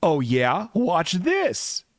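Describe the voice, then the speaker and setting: A man's voice: high voice, wildly swooping pitch, drawn-out words, no echo, studio quality, voice pushed up, heavily acted. A man voicing a bumbling adult male cartoon pet owner who blurts raised, showy exclamations. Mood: boastful.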